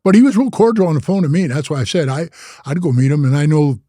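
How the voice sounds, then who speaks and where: A man's voice: a little high, fast, warm tone, dry recording, clean studio sound. An older man telling stories in a casual interview, loose and profane, slipping into voices when he retells what people said. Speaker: interview guest.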